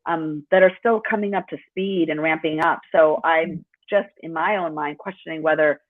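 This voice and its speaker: A woman hosts a casual podcast interview, her voice sitting a little low. She comes through a narrow, tinny phone-like line with a dry sound, and she asks long, winding questions with plenty of fillers. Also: normal speed, no echo. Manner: rambling questions with many fillers. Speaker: podcast host.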